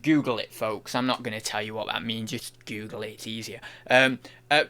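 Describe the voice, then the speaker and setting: A man's voice: lowish voice, steady tone, moderate pace, pushed and bright, clean tone. A young man chatting casually on a livestream while working, thinking aloud and rambling with many restarts. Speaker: online reseller and streamer.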